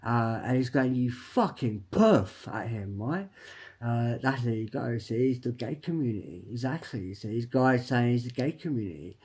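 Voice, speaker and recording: Pressing his points hard, this vlogger keeps ending lines with a fast "right?" as he wanders through a personal monologue. His mid-range voice is darkish and husky, and he frequently repeats words and breaks off to start again.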